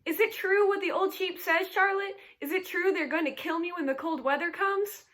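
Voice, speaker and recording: A woman's voice: very high-pitched, moderate pace, fairly bright tone, pitched above the performer's own voice. A woman doing a panicked, shrieking young pig. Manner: screaming, sobbing, pleading. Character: frightened young male pig, hysterical.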